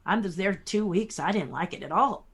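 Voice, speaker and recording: A woman in her sixties, a guest puppeteer telling lively stories in a podcast interview, chuckling as she talks. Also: mid-range voice, moderate pace, breathy edge. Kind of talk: anecdotal storytelling in a podcast interview.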